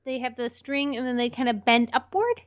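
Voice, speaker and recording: A young woman co-hosting a casual gaming podcast, animated and playful, often rambling as she talks. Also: on the high side, brisk. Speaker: podcast co-host.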